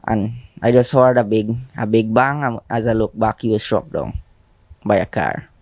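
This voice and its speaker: A young man with a Guyanese accent, giving a shaken, halting eyewitness account in a news interview. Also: fairly low pitch, darkish tone, dry recording, dull audio. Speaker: eyewitness friend.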